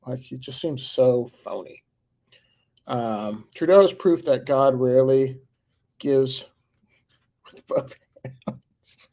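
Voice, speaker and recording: A man's voice: medium pitch, takes it slowly, long pauses, dark tone. A man in his forties talking casually on a live stream, answering viewer comments in a rambling way with fillers and chuckles. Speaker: livestreamer reading viewer comments.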